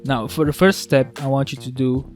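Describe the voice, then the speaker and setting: A man teaching a beatbox vocal technique in a casual tutorial, talking haltingly with restarts as he works out how to explain it. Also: mid-range voice, level tone, soft background music. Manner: halting, restarts, thinks aloud.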